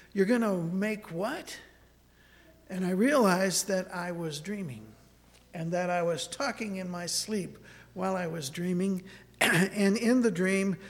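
A man preaching a sermon, moving from scripture into a personal story, earnest and halting, often repeating words as he restarts. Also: high voice, vocal fry, long reverb tail.

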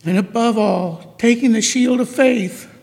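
Male church speaker, slow emotional sermon, gravelly, long hall reverb. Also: very high voice, darkish tone.

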